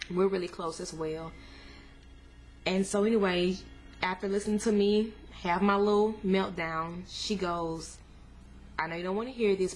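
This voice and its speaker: A young woman candidly telling her viewers a painful personal story, earnest and plain-spoken, her voice climbing high when she recalls her anger. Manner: casual, addresses viewers as y'all. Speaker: vlogger sharing a family update. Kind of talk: emotional personal storytelling to camera.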